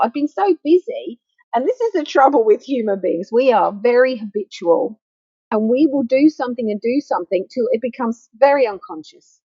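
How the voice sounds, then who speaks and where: A woman's voice: a little high, darkish tone, breathy edge, dry recording. A woman grief counsellor giving an earnest, conversational teaching talk to camera, repeating key words for emphasis. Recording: dull faulty mic sound.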